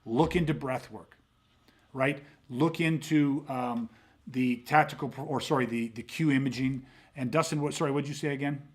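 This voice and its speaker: A man's voice: medium pitch, normal speed. A man co-hosting a podcast, talking casually and emphatically with frequent swearing. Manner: emphatic, profane, animated storytelling. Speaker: podcast co-host.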